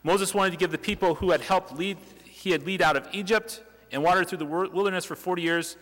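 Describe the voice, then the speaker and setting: A man's voice: sits high, fairly quick, fairly bright tone. A young man preaching a sermon in a church, talking in a conversational way with rhetorical questions and restarts. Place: church sanctuary. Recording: reverberant church hall.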